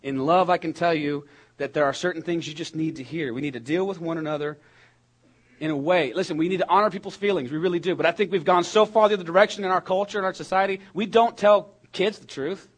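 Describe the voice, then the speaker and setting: A man preaching a sermon in a conversational, animated way, with jokes and quick asides. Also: on the high side. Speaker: pastor.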